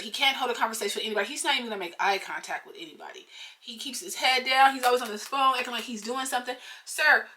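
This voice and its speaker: A woman vlogger telling a story in a casual, animated, profane way, slipping into slang and angry outbursts. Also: high voice.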